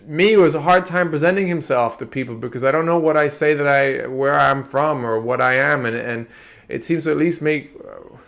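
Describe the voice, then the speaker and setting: A man's voice: on the high side, normal speed, gravelly, a bit bright. A man from Antigua with an American-tinged accent, talking through his ideas in a meandering, reflective podcast monologue. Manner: meandering, restarts often. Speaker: podcast host.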